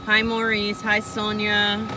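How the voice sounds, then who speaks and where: A woman hosting a live-stream vlog from a small boat on a crocodile lake, chatty and excitable, greeting and thanking viewers. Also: medium pitch, slow pace. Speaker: vlog host. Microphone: phone held by the speaker. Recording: loud boat engine noise outdoors.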